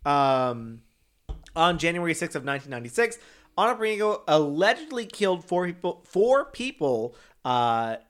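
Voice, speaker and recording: A man's voice: fairly high pitch, big pitch swings, normal speed, a bit bright. A man co-hosting a casual true-crime podcast, laughing often, swearing and using sassy slang. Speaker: podcast co-host.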